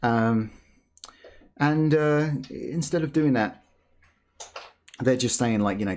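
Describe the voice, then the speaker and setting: A man hosting a gaming channel, ranting in rambling, animated commentary with many restarts. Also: mid-range voice, slow, pauses often, slight background noise.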